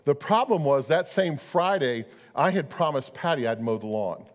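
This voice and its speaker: A man's voice: on the high side, animated, normal speed. A middle-aged man preaching a sermon, chatty and storytelling, often repeating his words. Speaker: pastor. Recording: long hall reverb.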